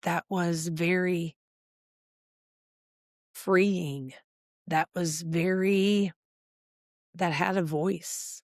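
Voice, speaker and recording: A woman's voice: lowish voice, very slow, pauses often, dry recording, studio quality. A middle-aged woman, a life coach, talking as a podcast guest, telling her story candidly and acting out past conversations. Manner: animated, acts out past dialogue, gets emotional.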